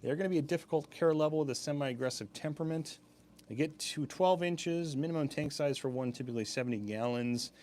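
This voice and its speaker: A man's voice: on the high side, fairly quick, darkish tone. A young man hosting a live-stream sale, chatting casually with easy laughs and rambling asides.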